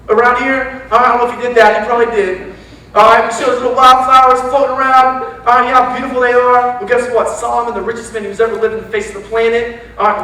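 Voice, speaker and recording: Youth pastor, male, high-pitched, lively casual sermon delivery, echoey church recording picked up from a distance. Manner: animated, talks straight to the crowd with quick asides. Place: church sanctuary.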